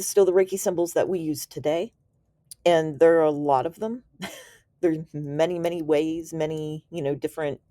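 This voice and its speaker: Low, mellow-voiced chatty woman. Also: no echo, clean studio sound. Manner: chatty and enthusiastic, slangy, with laughs. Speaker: Reiki teacher. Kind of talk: casual storytelling explanation.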